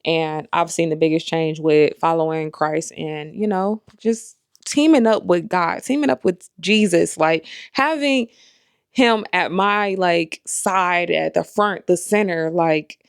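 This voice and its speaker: Low, smooth-voiced woman vlogging. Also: slow, dry recording, studio quality. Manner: candid, rambling, many fillers. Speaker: vlogger and life coach. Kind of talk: casual talking-to-camera vlog.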